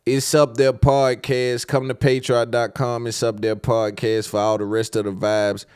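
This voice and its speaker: Male podcast host, mid-pitched, loose slangy delivery, dry close mic. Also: flat delivery, unhurried, darkish tone, clear, resonant tone, no echo. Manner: laid-back and slangy, rambling with repeated fillers. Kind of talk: casual solo commentary.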